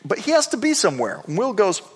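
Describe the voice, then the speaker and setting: A man preaching a sermon, telling stories with animated emphasis and repeating words as he builds up. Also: high voice, fast talker, breathy edge, big-room sound. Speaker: pastor. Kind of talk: sermon storytelling.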